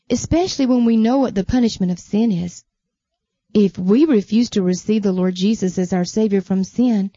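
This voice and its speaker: A woman telling a Bible story to children, gently asking them questions along the way. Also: medium pitch, dry recording, lo-fi sound.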